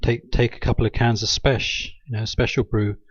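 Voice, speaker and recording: A man talks in a loose, sarcastic monologue, stopping often on ums and restarts. His voice sits in an ordinary middle pitch. The recording is dry and a little dull, like cheap home audio. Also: little pitch movement, normal speed, dry recording. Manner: sarcastic, hesitant with many ums. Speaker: video maker. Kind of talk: rambling satirical monologue.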